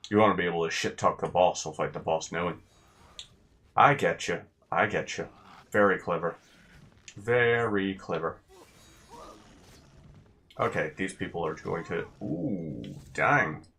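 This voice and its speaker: A man's voice: deep voice, moderate pace, creaky, fairly bright tone. A man giving casual, sarcastic gameplay commentary with rambling asides.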